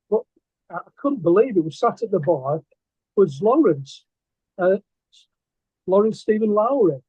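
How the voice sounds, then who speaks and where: An older man with a fairly high, husky voice, spinning loose anecdotes full of ums and restarts. The sound is dry and thin, as if it came over a phone line. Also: warm tone, no room sound. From England. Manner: rambling, hesitant, with many fillers and restarts. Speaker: guest artist and poet. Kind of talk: casual interview storytelling.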